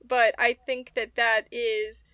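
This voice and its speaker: Bright, dry-sounding young woman chatting. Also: on the high side, dry recording. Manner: chatty, animated, quick to laugh. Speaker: podcast co-host. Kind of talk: casual chat recapping a TV episode.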